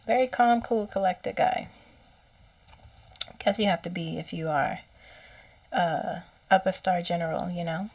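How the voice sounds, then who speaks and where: A woman psychic talking casually about messages she says she channeled, slow and hesitant, often correcting herself and dropping into whispers. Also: lowish voice, creaky, slightly rough, dry recording, far from the mic. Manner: slow, hesitant, self-correcting, with soft laughs and whispered asides.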